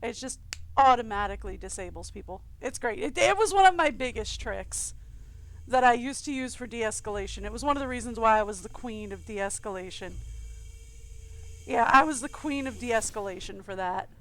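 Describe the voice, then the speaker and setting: A woman from the eastern US streams a game and talks casually, full of chatty, animated asides. Her voice sits high and bright. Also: moderate pace. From eastern United States. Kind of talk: casual game commentary and reading aloud.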